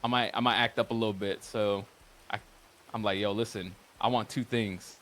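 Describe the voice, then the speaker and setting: His voice is on the low side and fairly bright, with a steady tone and moderate pace. The man, a roleplay streamer, casually rambles through roleplay game events, swearing and filling gaps with filler words.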